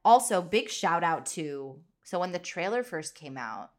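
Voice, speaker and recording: A woman's voice: lowish voice, expressive, measured pace, a little mellow. A young woman co-hosting a podcast, chatting casually about a film with lots of fillers. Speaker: podcast co-host.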